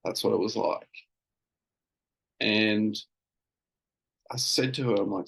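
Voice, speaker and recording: A man's voice: on the low side, steady tone, takes it slowly, creaky, long pauses, fairly bright tone, breathy edge, rough recording. A man hosting a casual solo podcast, telling an everyday story in a rambling, self-amused way with plenty of fillers and restarts. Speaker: podcast host.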